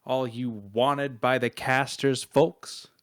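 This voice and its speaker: A man's voice: mid-range voice, fairly even intonation, slow, natural voice. A man playing an aggrieved male brute who bullies another character for a magic item, in a mock-friendly, emphatic manner. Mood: loud demanding. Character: aggrieved, vengeful male brute demanding loot.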